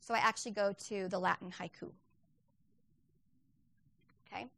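A woman's voice: medium pitch, steady tone, normal speed, gravelly, a bit bright. A woman Latin teacher explaining her lessons in a chatty, explanatory way, often correcting herself as she goes.

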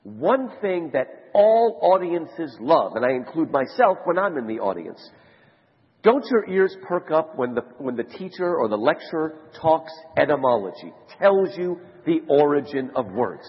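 A man giving a conference lecture to a live audience, telling stories in an animated way. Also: unhurried, breathy edge. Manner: animated storyteller, rising to high excited shouts. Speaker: conference speaker. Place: large conference hall. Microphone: handheld mic. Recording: lo-fi hall recording with long reverb.

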